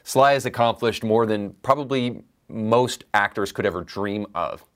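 A man's voice: fairly low pitch, normal speed, fairly bright tone. A man hosting a commentary show, delivering opinions in an emphatic, argumentative way. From United States. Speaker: commentary podcast host.

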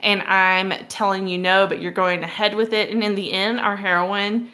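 A woman's voice: medium pitch, steady tone, normal speed, sharp tone. A woman co-hosting a book club podcast, giving a frank, giggly book review in casual chat. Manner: frank and giggly, trailing off and restarting.

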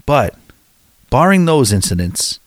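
A man's voice: mid-range voice, very animated, measured pace, dry recording, studio quality. A man in his forties, chatting casually and telling rambling, self-deprecating stories with many restarts. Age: 40s. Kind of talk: casual chat.

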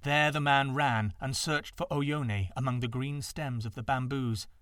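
A man narrating folktales in an expressive, dramatic reading. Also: mid-range voice, a little slow, dry recording, clean studio sound. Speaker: storyteller. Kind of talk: scripted storybook narration.

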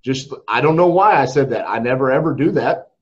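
A man's voice: mid-range voice, animated, fairly quick, lo-fi sound. A man, a company CEO, telling a story in casual podcast chat, candidly, and often tagging his sentences with "right?". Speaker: company CEO and home buyer.

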